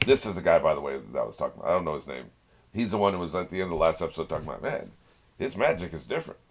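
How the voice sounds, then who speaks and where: A man with a low, deep voice gives casual reaction commentary while watching an episode. He chats loosely, laughs often and talks straight back at the characters on screen. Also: very fast. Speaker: anime reaction channel host.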